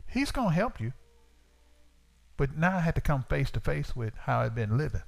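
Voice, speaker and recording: A man's voice: a little high, sing-song, normal speed, vocal fry. A man preaching a sermon, telling a personal story in plain informal speech and acting out conversations with a lifted voice. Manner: storytelling, acts out dialogue in raised voice. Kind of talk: sermon testimony.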